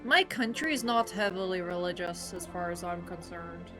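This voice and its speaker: Game music plays while a young woman from Ireland chats with her stream viewers, her talk rambling and defensive as she answers chat. She speaks in an animated, lowish voice at a normal pace, captured in a rough recording.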